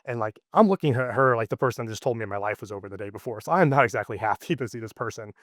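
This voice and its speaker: Male guest, 30s, mid-pitched, rambling storyteller with "uh" and "like", dry close mic. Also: lively intonation, very fast, no room sound. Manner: rambling, lots of fillers and restarts. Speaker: interview guest. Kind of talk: casual storytelling interview.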